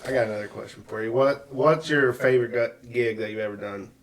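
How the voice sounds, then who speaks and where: A man's voice: mid-range voice, fairly quick. A man hosting a podcast who chats casually and swears freely. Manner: laid-back, swears freely. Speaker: podcast host.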